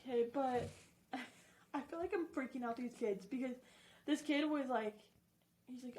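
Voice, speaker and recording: A woman's voice: high-pitched, lively intonation, normal speed, slight background noise. A woman co-hosting a podcast in casual chat, laughing often as she tells stories. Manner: laughing, loses her train of thought. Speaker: podcast co-host.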